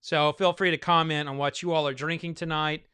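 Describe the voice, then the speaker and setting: A man's voice: fairly high pitch, steady tone, fairly quick, sharp tone, smooth, no echo. A man hosting a bourbon tasting, chatting loosely and thinking aloud with many fillers, a little winded from all the talking. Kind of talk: casual live tasting chat.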